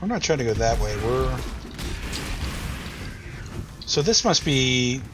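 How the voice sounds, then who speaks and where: A man's voice: mid-range voice, sing-song, slow pace, background noise. An American man thinking aloud and rambling through casual let's-play commentary, with self-deprecating asides. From United States. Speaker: gaming YouTuber.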